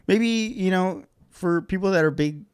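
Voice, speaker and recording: A man's voice: high-pitched, a little slow, clean tone, dry recording. Rambling, profane man talking casually. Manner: rambling and profane, with many fillers; grows loud and animated when retelling something funny. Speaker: podcast host. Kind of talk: casual chat.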